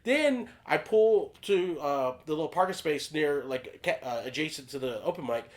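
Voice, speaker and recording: A man co-hosting a casual podcast, telling an animated story, acting out quotes and swearing freely. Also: a little high, normal speed. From United States. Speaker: podcast co-host.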